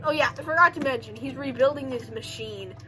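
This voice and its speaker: A woman's voice: high-pitched, fairly quick, music in the background, low-quality recording. A young woman casually recapping a film in a rambling way, full of "like" and joking asides. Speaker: video creator recapping a film.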